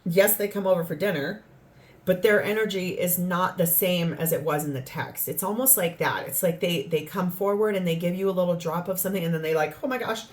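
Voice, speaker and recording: Speaking briskly in a voice on the low side, this woman reads tarot out loud in an earnest, rambling way, occasionally performing quoted lines.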